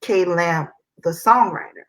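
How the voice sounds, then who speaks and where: A woman hosting an interview, admiring and unhurried as she introduces her guest. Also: fairly low pitch, poor audio. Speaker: interview host. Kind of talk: casual interview.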